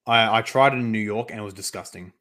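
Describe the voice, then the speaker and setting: A young man with an Australian accent talks quickly and confidently, sharing strong opinions in casual chat. His voice sits at a middling pitch, and the pace stays brisk. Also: fairly bright tone. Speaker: guest.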